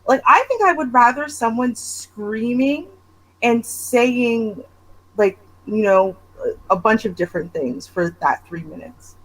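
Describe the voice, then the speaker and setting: Husky woman reacting in disbelief. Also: a little high, lively intonation, slow, low-quality recording. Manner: emphatic, incredulous commentary. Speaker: show host. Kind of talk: casual reaction chat.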